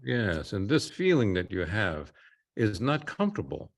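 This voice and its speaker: A man working as a therapist, guiding a client through a slow, soothing body-awareness exercise. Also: lowish voice, very animated. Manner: slow, soothing guided instructions. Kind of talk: guided therapy session.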